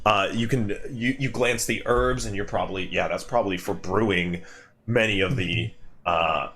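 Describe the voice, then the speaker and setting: A man narrating as game master of a tabletop game, with many pauses and fillers. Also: fairly low pitch, bright, forceful tone.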